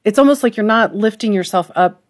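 A woman's voice: medium pitch, brisk. A middle-aged woman, a podcast co-host and author, talking candidly and with emotion about faith and doubt as a guest. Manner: earnest, emotional storytelling.

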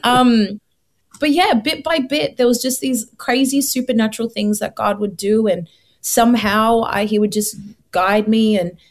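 A young woman, telling her faith story as an interview guest, earnest and animated, acting out her past thoughts. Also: on the high side, moderate pace. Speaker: guest sharing her testimony. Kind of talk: emotional personal testimony.

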